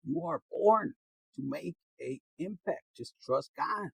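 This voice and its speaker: A man's voice: high voice, sing-song, takes it slowly, creaky, a bit bright, slightly rough, dry recording, rough recording. A man giving a casual tarot reading, preachy and blunt, swearing often and dropping in Spanish slang words. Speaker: tarot reader.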